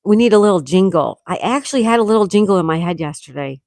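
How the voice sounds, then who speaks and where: A woman's voice: medium pitch, lively intonation, quick pace, a little mellow, dry recording, clean studio sound. A woman hosting a casual morning livestream, reading viewer comments aloud and chatting, with a sore throat. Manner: chatty, reads out comments, frequent laughs. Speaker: livestream host reading chat. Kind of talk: casual live chat with viewers.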